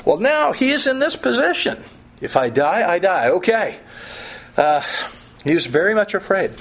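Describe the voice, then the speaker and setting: A pastor preaching a sermon in a conversational way, reading scripture and adding humorous asides. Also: male voice, high voice, big pitch swings, normal speed, fairly bright tone, slight background noise.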